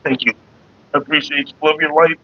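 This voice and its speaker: A man's voice: fairly high pitch, fairly even intonation, fairly quick, muffled recording. A man hosting his own casual vlog, rambling and joking loosely with his viewers. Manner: loose, joking, talks to viewers and chat by name. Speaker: vlogger hosting a smoking session.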